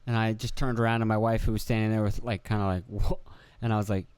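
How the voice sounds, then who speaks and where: A man's voice: fairly low pitch, level tone, fast, hardly any pauses, a little mellow, clear, resonant tone, no echo. Rambling, foul-mouthed podcast man, dry sound. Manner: rambling, profane, self-deprecating, acts out quotes. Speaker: podcast host. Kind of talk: casual solo podcast monologue. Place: indoor room with video camera.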